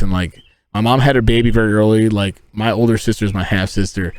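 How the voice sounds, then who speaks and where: A man in his thirties with a medium-pitched voice talks quickly on a livestream from inside a tent, the recording dry. He chats casually, spinning rambling, animated stories packed with swearing.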